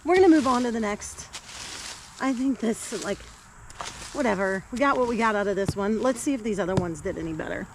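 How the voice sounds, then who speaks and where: A woman vlogging casually while digging in her garden outdoors, chatty and quick to laugh. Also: medium pitch, animated. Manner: chatty and easily delighted, laughs often. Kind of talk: casual chat while working. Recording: outdoor recording with clear background noise.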